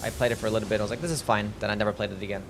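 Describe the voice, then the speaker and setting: A man's voice: on the low side, fairly even intonation, very fast, faint music behind. Chatty man streaming a game. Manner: chatty, swearing, reads chat aloud, laughs easily. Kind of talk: casual livestream commentary.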